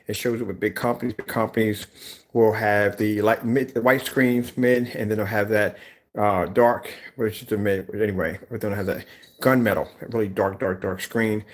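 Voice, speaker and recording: A man's voice: on the low side, fairly even intonation, moderate pace. Rambling tired man with many fillers. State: tired, yawning. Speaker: small business owner presenting a product. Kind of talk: casual product vlog.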